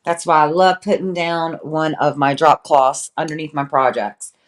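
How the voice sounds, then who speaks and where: A woman's voice: deep voice, fairly even intonation, moderate pace. A woman hosting a casual live painting demonstration, chatting and greeting viewers by name. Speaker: furniture painting livestream host.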